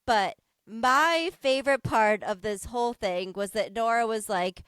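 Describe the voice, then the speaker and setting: High-pitched, smooth-voiced animated woman. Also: moderate pace, hardly any pauses, no echo. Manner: animated, laughing, swearing storyteller. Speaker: podcast co-host. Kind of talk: casual chat.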